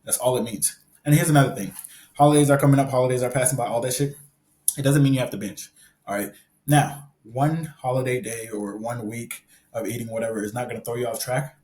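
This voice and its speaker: A man's voice: mid-range voice, darkish tone, echoey room. A young adult man talking as a fitness coach, blunt and emphatic, swearing freely and hammering his points with repeated phrases. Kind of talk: blunt motivational monologue.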